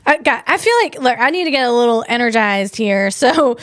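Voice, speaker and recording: A woman's voice: fairly high pitch, animated, fairly quick, fairly bright tone, dry recording, clean studio sound. A woman hosting a casual tech comedy podcast, rambling and self-deprecating as she tells personal stories. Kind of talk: casual solo podcast chat.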